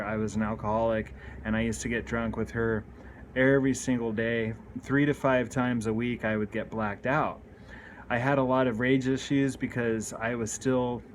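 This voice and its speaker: A man's voice: medium pitch, slight background noise. A man in his thirties telling a personal story about his recovery, speaking in a candid, earnest way with frequent restarts.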